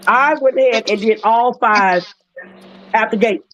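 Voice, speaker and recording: A woman telling a client's story in a casual, animated way, with emotional moments. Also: a little high, unhurried, rough recording. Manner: animated, emotional retelling with acted quotes. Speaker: wellness patch seller sharing a client story.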